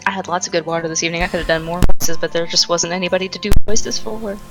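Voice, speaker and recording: A woman with a slightly low voice runs the table as game master. She talks in a loose, chatty way and laughs easily. Quiet music plays under her voice. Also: steady tone, very fast. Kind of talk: casual post-game chat.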